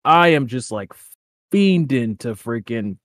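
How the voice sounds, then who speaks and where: A man's voice: mid-range voice, animated, slow, fairly bright tone, no echo, studio quality. A young man in casual chat, laid-back and slangy, leaning on filler words.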